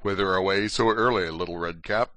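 A sly, wicked wolf with a very deep voice, as a man reads him. He speaks low and even, and the recording is dry and close. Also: fairly quick, no echo. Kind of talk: audiobook reading.

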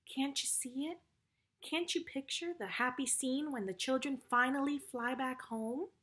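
A woman voicing a gentle, motherly girl who tells stories, speaking softly. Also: high voice, a little slow, pitched above the performer's own voice. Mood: dreamy. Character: caring motherly girl storyteller.

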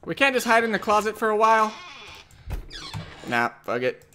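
A man's voice: high voice, very animated, moderate pace, pushed and bright, slight background noise. A man commentating a horror game, jumpy and jokey, swearing often as he panics. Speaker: gamer.

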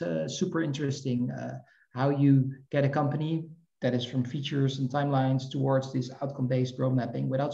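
A man from the Netherlands replies on a video call in a measured, thoughtful way. His voice is dark and gravelly, and it comes through a roomy, muffled line. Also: medium pitch. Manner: thoughtful, measured, says "right?". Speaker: speaker answering audience. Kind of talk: casual online Q&A. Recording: dull echoey call audio.

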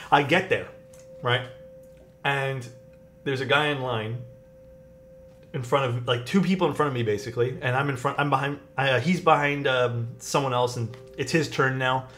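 Animated young man telling a story. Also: medium pitch, normal speed, long pauses. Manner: animated, acts out quoted people. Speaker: streamer. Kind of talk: casual storytelling to chat. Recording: faint music behind.

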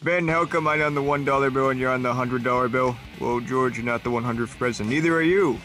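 A man's voice: mid-range voice, level tone, fast talker, bright, forceful tone, soft background music. A man performing a scripted comedy sketch, switching between goofy character voices. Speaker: comedy sketch creator voicing several characters.

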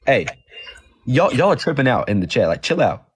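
A man teasing his co-host on a casual livestream, his pitch leaping around wildly as he jokes. His voice has a husky, slightly breathy edge. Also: moderate pace. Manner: teasing, animated, swings between joking and sweet.

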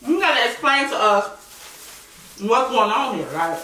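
A woman vlogger chatting casually while she eats, slangy and animated, often repeating herself. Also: a little high, unhurried. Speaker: mukbang and reaction vlogger. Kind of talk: casual chat while eating. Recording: echoey room, mic at a distance, faint noise.

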